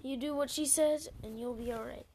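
A woman's voice: high voice, moderate pace, dark tone, a little hiss or hum. Woman reading as a haughty male dragon elder.

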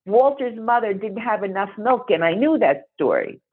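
A woman guest tells her story in an animated, emphatic way, leaning hard on key words. Her voice sits in a middle register. The sound is narrow and phone-like. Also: mid-range voice, normal speed, breathy edge. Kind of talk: storytelling interview.

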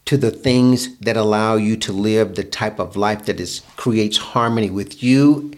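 Emphatic man coaching in a relaxed podcast chat. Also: lowish voice, measured pace. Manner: preachy, emphatic, speaks in lists. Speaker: relationship coach, co-host. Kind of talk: casual podcast conversation.

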